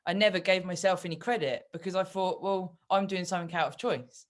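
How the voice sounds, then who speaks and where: A woman hosting an interview, talking candidly about her experiences in a relaxed, conversational way. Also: lowish voice, brisk. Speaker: podcast host and bodybuilder. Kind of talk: casual interview talk.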